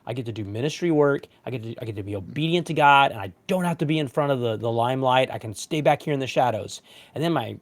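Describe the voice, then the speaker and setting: A man in his forties, a pastor hosting a casual livestream chat, telling a story with lively, self-mocking asides. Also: medium pitch, fast. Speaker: pastor and show host.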